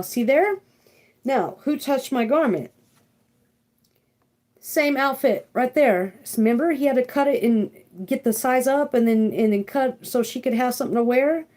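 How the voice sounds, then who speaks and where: A young woman doing a live tarot card reading, talking in a rambling, excitable way, often throwing in "freaking" and checking in with "okay?". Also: a little high. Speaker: tarot reader.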